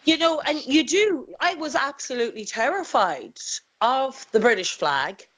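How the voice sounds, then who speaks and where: An Irish woman hosting an interview, speaking earnestly and with feeling, often halting and restarting. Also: high-pitched, expressive, a bit bright. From Republic of Ireland. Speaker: host. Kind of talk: emotional conversational interview.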